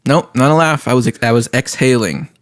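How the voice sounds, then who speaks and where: A man casually chatting and reacting to funny clips with a wry, expressive manner. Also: medium pitch, brisk, background noise. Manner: wry, expressive, laughs easily. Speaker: co-host of reaction video.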